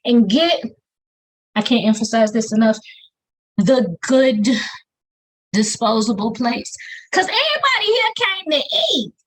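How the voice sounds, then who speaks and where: A Southern US woman performs her own spoken-word poetry over a video call, with rhythmic, emphatic delivery and Southern slang. Her slightly high voice is very animated, measured and full of pauses, in a low-quality recording.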